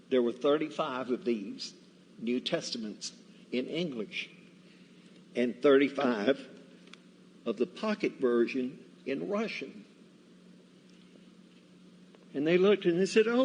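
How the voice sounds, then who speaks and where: A man preaching in a church, telling Bible and personal stories in a folksy, deliberate way. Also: mid-range voice, a bit bright, a little hiss or hum. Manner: slow, folksy, deliberate storytelling. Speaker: guest preacher. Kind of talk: storytelling sermon. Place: church sanctuary. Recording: reverberant church hall, faint ambience.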